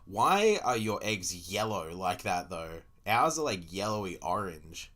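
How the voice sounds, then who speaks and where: Australian man, young, streamer, sarcastic, sweary, lowish voice, casual reaction rant. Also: big pitch swings, unhurried, fairly bright tone. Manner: profane, sarcastic ranting.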